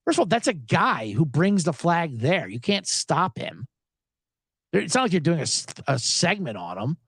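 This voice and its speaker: Here a Los Angeles sports podcast host speaks at normal speed, his voice creaky and husky, captured in clean studio sound free of room noise. Live on air, he rants casually and sarcastically, animatedly imitating people in a raised, high voice.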